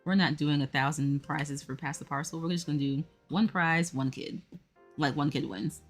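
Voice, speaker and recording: A woman's voice: deep voice, fairly even intonation, normal speed, faint music behind. A woman playing a stubborn cartoon dad who lays down the rules in a blunt, emphatic way. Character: stubborn cartoon dad putting his foot down.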